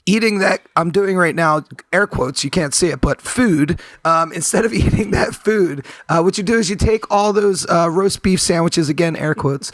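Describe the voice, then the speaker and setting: A man with a hoarse, gravelly voice that is mostly gone, improvising absurd comedy stories and giggling. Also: high-pitched, normal speed, few pauses, fairly bright tone, dry recording. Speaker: regular panelist.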